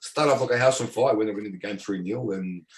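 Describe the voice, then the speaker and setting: A man's voice: on the low side, fast talker. A middle-aged Australian man, a former footballer, telling stories in a casual interview, repeating words and filling with "um". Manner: rambling, repeats words, many fillers. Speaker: former professional footballer, guest.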